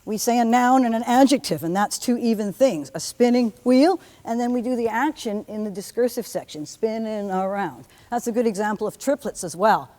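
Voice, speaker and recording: A woman teaching a music theory lecture to a class in a lively way, often humming or singing examples. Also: a little high, brisk, few pauses, big-room sound, slight background noise. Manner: lively, hums and sings examples. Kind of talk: university lecture.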